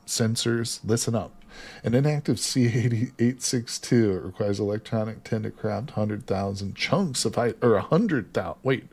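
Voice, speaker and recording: A male game streamer with a somewhat low voice. He chats casually with his viewers, reads their comments aloud, and keeps breaking into laughter at his own jokes. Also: a little mellow. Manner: jokey, laughs often, reads chat aloud. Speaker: livestreamer. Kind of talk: casual livestream chat while gaming.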